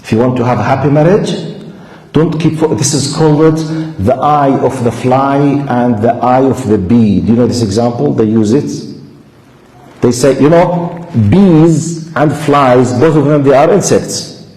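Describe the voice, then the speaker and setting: A man's voice: mid-range voice, normal speed. Arabic-accented man lecturing in an echoey hall. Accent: Jordanian Arabic. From Jordan. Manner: animated, repeats key words for emphasis. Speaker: Islamic lecturer. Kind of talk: lecture to a live audience.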